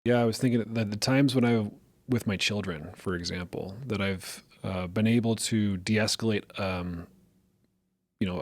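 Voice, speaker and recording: A middle-aged man on a casual podcast, talking through examples in a lively, storytelling way. His voice sits somewhat low, and the sound is close and dry, with no room echo. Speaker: podcast co-host.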